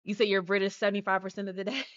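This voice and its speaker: A woman's voice: medium pitch, fast talker, highs cut off. A woman chatting casually on a live stream, rambling, answering her chat and laughing often. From United States.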